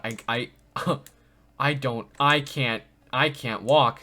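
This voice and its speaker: A man doing let's play commentary, excitable and loud, often laughing and reading the game's dialogue aloud. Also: mid-range voice, takes it slowly. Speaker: gaming video creator.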